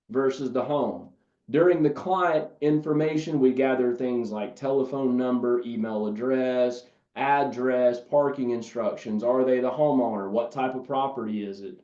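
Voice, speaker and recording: A man's voice: mid-range voice, mellow, echoey room, lo-fi sound. A man coaching a business webinar from his home office, emphatic and role-playing phone calls. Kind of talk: live webinar training.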